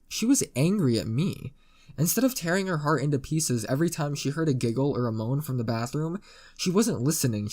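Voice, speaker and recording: A man with a mid-pitched voice narrates a first-person internet story. His delivery is casual and dry, dropping crude asides as he reads.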